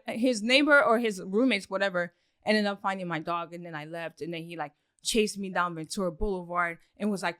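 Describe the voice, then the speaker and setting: On a podcast, a guest with a medium-pitched voice tells her story in a loose, rambling way, full of fillers, swearing, and lively acted-out quotes. The recording is dry, with clean studio sound.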